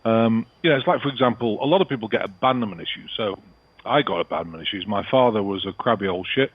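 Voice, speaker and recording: Husky British man, dull lo-fi audio. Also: fairly low pitch, quick pace, dry recording. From England. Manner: rambling, peppered with "you know". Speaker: guest healer. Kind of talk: casual interview talk.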